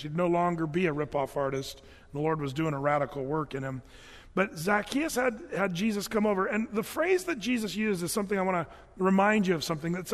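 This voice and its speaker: A man preaching a sermon, telling Bible stories in an animated, folksy way with casual asides. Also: sits high, long reverb tail. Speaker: pastor.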